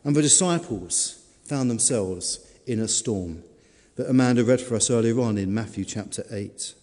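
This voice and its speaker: A man's voice: mid-range voice, normal speed, warm tone. Male preacher in a reverberant hall. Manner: storytelling, dramatic, varied emphasis. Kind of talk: sermon.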